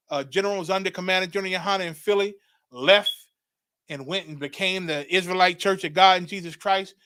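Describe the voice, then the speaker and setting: A middle-aged man recounting a religious vision as a testimony, dramatic and repetitive, building to excited shouts. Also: sits high, dry recording, studio quality. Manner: dramatic, repeats phrases, rising to excited shouts. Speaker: religious teacher. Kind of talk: testimony storytelling.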